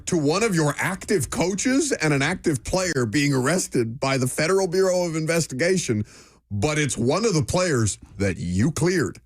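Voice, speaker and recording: A man's voice: mid-range voice, no echo, studio quality. A man hosting a sports talk radio show, opinionated and emphatic.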